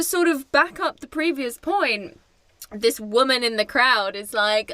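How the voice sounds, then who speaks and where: A woman's voice: fairly high pitch, unhurried, sharp tone, dry recording. A woman co-hosting a podcast, rambling sarcastically through a casual film-review chat with plenty of fillers. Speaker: podcast co-host.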